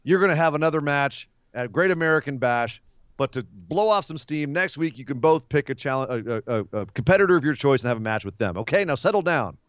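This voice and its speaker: A man impersonating a formal, stern older male wrestling executive, speaking in a measured way. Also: fairly high pitch, animated, smooth, no room sound, muffled recording, natural voice.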